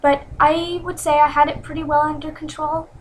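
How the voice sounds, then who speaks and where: High, steady-voiced young woman confiding. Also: normal speed, slight background noise, rough recording. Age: 20s. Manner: earnest and self-critical, many ums and restarts. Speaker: vlogger. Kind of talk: personal confessional vlog.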